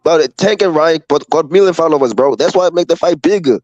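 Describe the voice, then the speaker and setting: A man's voice: fairly high pitch, brisk, a little mellow, no echo, muffled recording. A man in a casual debate, repeating his point and saying bro constantly. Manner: repetitive, says bro constantly.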